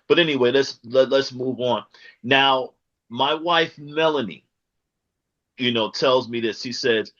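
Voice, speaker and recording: A man hosts a relaxed interview, rambling along and often searching for the right word. His voice sits at a middle pitch, and the recording sounds a little dull and lo-fi. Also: slow pace, pauses often. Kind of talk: casual interview chat.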